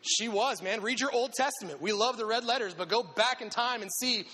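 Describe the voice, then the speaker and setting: A man with a high, bright, forceful voice preaching to young people. He talks in an animated, conversational way and acts out little quotes. His voice rings with the long reverb of a hall. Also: fairly quick. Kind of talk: sermon.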